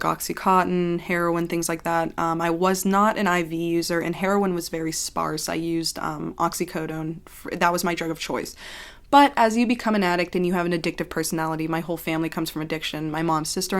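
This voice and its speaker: A woman vlogger talks straight to her viewers in a loose, confessional way, sentences trailing off and restarting around a steady stream of "like." Her voice sits on the lower side for a woman, and she swings from bright, laughing bursts to quieter, heavier stretches, dropping casual curses along the way. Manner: rambling, heavy use of "like", swears casually; expressive, jumps between laughing and subdued. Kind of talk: casual confessional chat to camera.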